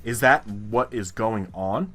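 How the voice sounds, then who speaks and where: A man's voice: fairly low pitch, takes it slowly, fairly bright tone, soft background music. A young man from New York commentating his own gameplay, exasperated and ranting with lots of swearing. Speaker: gaming YouTuber.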